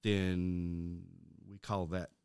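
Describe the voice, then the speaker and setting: A middle-aged man co-hosting a casual Christian podcast, telling a story with halting restarts and acting out the voices of the people in it. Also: low-pitched, level tone, a little mellow, clear, resonant tone, no room sound, clean studio sound. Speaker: podcast co-host.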